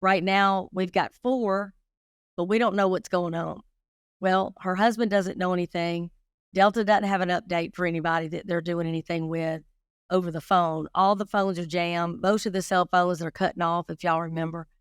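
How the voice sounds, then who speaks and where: A woman's voice: fairly low pitch, normal speed, smooth, dry recording, clean studio sound. A middle-aged woman, a guest telling stories in a casual interview and speaking straight to the listeners. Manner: lively storyteller who addresses listeners directly. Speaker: guest investigator.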